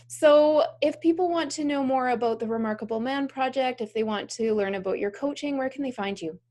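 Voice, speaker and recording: A woman's voice: high-pitched, moderate pace. Affirming female podcast host. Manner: warm, affirming, laughs often. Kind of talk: casual interview.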